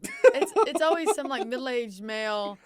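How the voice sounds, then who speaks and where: Give me a woman guest chatting casually on a podcast, with a high voice. She laughs often and reacts with enthusiasm. A clear murmur of people carries on behind her. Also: sing-song, unhurried, a crowd in the background. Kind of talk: casual chat.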